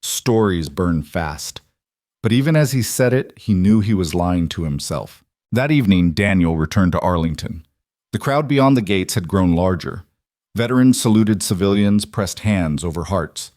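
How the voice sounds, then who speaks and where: With the composed control of a scripted narrator, a man tells a story in a low, even voice, giving each sentence measured drama. The sound is close and dry, with no room around it.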